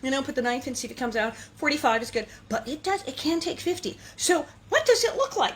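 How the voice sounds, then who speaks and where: A woman with a slightly high voice hosts a relaxed cooking demonstration in her kitchen. She chats playfully and drifts into sing-song asides as she works. A faint hum of background noise sits under her voice. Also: a little fast, hardly any pauses. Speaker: cooking show host.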